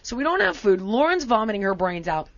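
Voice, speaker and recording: A woman's voice: medium pitch, brisk, dry recording, lo-fi sound. A woman casually chatting on a talk show, telling a story dramatically and acting out what people said. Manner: animated, dramatic retelling with acted-out quotes.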